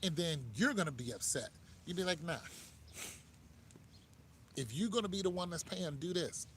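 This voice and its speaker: Casual, joking American man, slightly raised pitch, advice monologue, light background noise. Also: expressive, a little fast, fairly bright tone. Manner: laid-back, joking, talks straight to the listener. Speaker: host giving dating advice.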